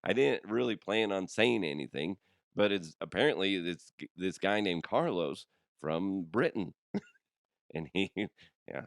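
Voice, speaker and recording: A man hosts a casual comedy podcast, his voice rough from a cold. He swings all over in pitch and swears freely. The sound is close and dry. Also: a little slow, dry recording. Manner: animated, swearing, laughs a lot. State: hoarse from a cold. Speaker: podcast host.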